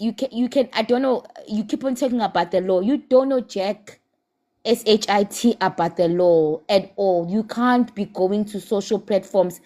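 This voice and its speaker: A woman's voice: medium pitch, moderate pace, mellow. A woman with a South African accent in a heated live-stream debate, impassioned and scolding, slipping Zulu words into her English.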